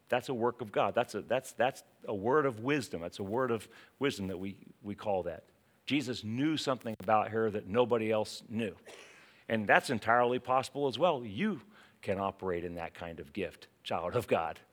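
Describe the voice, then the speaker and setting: A man preaching a sermon in a conversational way, telling a personal story, with frequent restarts. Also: mid-range voice. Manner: conversational, anecdotal with many restarts.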